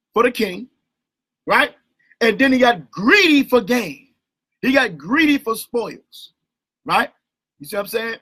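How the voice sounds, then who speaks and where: A man hosting an informal call-in bible study. He talks in an animated, slangy way and keeps asking "right?". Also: high voice, breathy edge, low-quality recording. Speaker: bible teacher and host.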